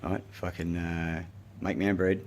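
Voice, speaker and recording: There's slight background noise as an Australian man films his own profane, agitated rant. His voice sits low with little pitch movement, and he keeps a measured pace while he rambles.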